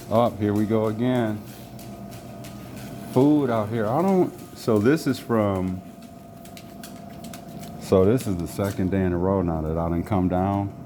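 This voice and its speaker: A man with a very low voice hosts a casual podcast. He rambles in a relaxed way and swears offhandedly. Clear background noise runs under his voice. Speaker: podcast host. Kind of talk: casual solo podcast chat. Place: apartment building lobby, walking a dog. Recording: noisy background.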